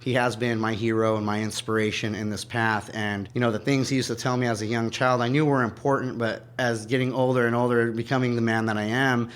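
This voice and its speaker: A man's voice: mid-range voice, flat delivery, fairly quick, few pauses. A man in his thirties hosting a podcast, asking reflective questions about his guest's life. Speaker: podcast host. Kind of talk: casual interview.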